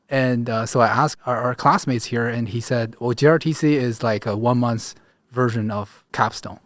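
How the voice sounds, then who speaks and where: A man's voice: medium pitch, moderate pace, no echo, studio quality. A young man, a new army chaplain, answering interview questions in an earnest, thoughtful way. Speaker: chaplain course graduate.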